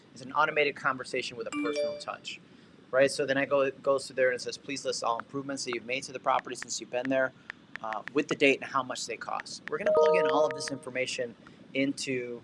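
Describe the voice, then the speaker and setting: A man hosting a casual livestream, walking viewers through real estate tech tools with energetic, chatty asides. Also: mid-range voice, background noise. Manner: energetic, talkative, shout-outs and asides.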